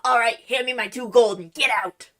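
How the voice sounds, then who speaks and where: A woman's voice: a little high, moderate pace, sharp tone. A woman putting on a tipsy medieval tavern wench who hacks at hair and shoos customers off. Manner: careless, brusque.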